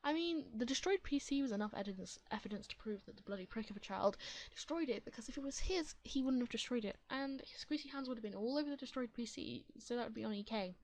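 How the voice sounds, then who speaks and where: A woman reads online stories aloud and chats about them in a giggly, expressive way. Her voice is high and animated and swoops up and down as she comments. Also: quick pace, low-quality recording. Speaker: story reader.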